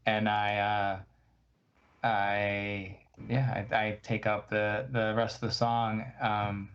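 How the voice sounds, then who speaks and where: Low, flat-voiced man on a dull mic. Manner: halting, searching for words. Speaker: player. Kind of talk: describing his character's actions.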